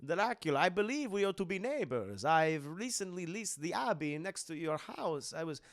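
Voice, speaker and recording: Dracula, as a man puts him on, slow and hushed. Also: high voice, big pitch swings. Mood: courtly menace. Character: sinister old-world male vampire count, smooth and slow.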